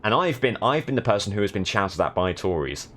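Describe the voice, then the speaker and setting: Young guy from the south of england, low voice, dry sarcastic stream chatter, faint hiss behind. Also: sing-song, a little fast, fairly bright tone. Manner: dry, sardonic running commentary. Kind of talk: casual gaming stream chat.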